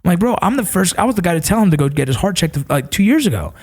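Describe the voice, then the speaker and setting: A man in a casual podcast chat, telling stories in an animated, profane way and acting out quoted voices. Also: a little high, racing.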